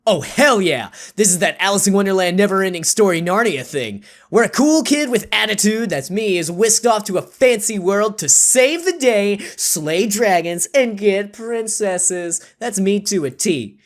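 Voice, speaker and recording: A man's voice: high-pitched, expressive, normal speed, few pauses. A man reading a text game aloud with jokey, sarcastic, rambling asides. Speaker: YouTube gamer.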